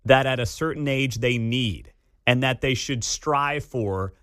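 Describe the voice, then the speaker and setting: A man in his thirties hosting a talk radio show, telling a family story in a casual, animated way. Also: mid-range voice, a little slow, no room sound, studio quality. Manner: storytelling, animated when quoting his kids. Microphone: studio microphone.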